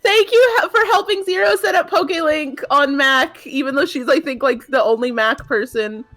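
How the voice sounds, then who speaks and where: A woman's voice: high-pitched, moderate pace, a bit bright, dry recording, soft background music. A woman co-hosting a game stream, playfully teasing and reading viewer comments aloud. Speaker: co-host reading viewer chat. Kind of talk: casual stream banter.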